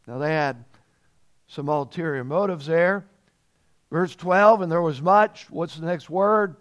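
A man preaching a sermon as pastor, emphatic and repeating phrases, growing louder on key points. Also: a little high, unhurried.

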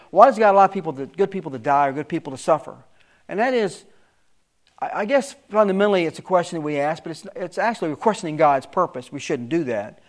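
A middle-aged man preaching a sermon with emphatic rises and sudden soft asides. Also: on the high side.

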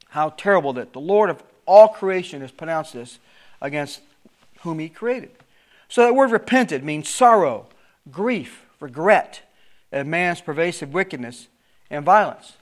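Man, Bible teacher, slightly high voice, reads verses with emphasis, explains plainly, repeats words often. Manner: reads scripture aloud with rising emphasis, then explains in plain talk. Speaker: preacher.

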